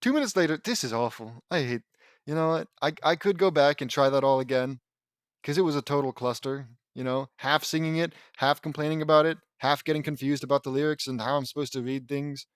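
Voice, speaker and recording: A man's voice: on the high side, a little fast, no room sound, studio quality. A man reading fan fiction aloud, breaking off for sarcastic, complaining asides. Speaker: audiobook reader.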